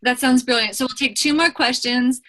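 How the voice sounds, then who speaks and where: A woman business coach hosting a live training call, talking fast and emphatically with effusive enthusiasm. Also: high voice, pushed and bright.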